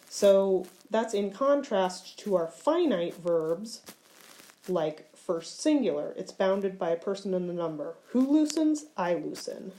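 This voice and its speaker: A woman teaching a recorded grammar lesson in a mellow, lowish voice. She explains each form step by step, clearly and methodically, with the odd filler. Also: low-quality recording. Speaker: Greek teacher.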